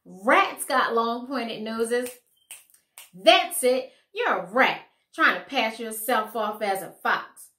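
A sassy young country girl who is never impressed, as a woman reader puts her on. She talks in a blunt, folksy, matter-of-fact way. Her voice is bright and a little high, and the echoey room rings around it. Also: very animated, slow pace, heavily acted.

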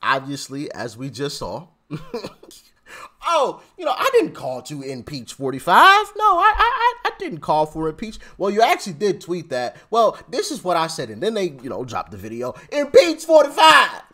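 A man's voice: a little high, huge pitch swings, normal speed, bright, forceful tone. A man giving casual political commentary on his vlog, laughing often and stammering through repeated restarts. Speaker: commentary vlogger.

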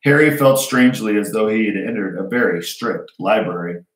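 A male teacher reading a novel aloud to his students in a steady, unhurried way. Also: fairly low pitch. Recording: roomy echo.

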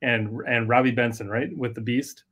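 A man's voice: medium pitch, fairly even intonation, moderate pace, a bit bright. A man with a mid-range voice tells behind-the-scenes stories as an interview guest. He sounds friendly and upbeat throughout. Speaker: guest, animation director. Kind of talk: casual interview.

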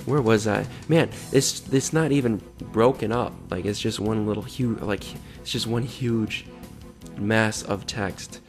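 A man's voice: lowish voice, unhurried, music in the background. A man reading chat messages aloud and adding exasperated, sarcastic comments between them. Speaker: online predator-baiting vlogger.

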